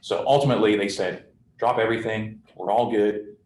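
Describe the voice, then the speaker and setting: A man commanding a squadron speaks to his officers in a blunt, conversational way, peppering his account with military shorthand and easy fillers. His voice sits low, and the room around him rings with a noticeable echo over a faint hum of ambience. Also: brisk, darkish tone. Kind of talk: candid briefing to his officers.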